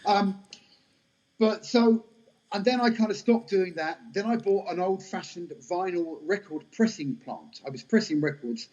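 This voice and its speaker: A middle-aged man, telling lively, self-mocking stories as an interview guest. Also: sits high, measured pace. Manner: animated, anecdotal, self-mocking. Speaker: guest actor. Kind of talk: casual storytelling interview. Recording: dull lo-fi podcast audio.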